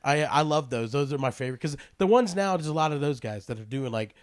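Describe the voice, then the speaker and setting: A man, a comedian co-hosting a podcast, chatting casually and excitably with plenty of swearing. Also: a little high, quick pace, no echo, clean studio sound. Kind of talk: casual chat.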